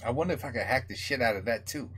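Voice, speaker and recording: A man's voice: medium pitch, racing, a bit bright, slightly rough. A man hosting a reaction video, commenting casually with laughs and loose, profane asides.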